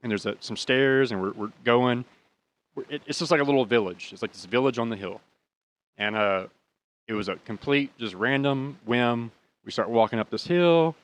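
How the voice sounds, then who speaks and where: Male host, casual storyteller, swears a lot, rambling and animated, mid-pitched voice. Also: normal speed. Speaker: podcast host, drummer.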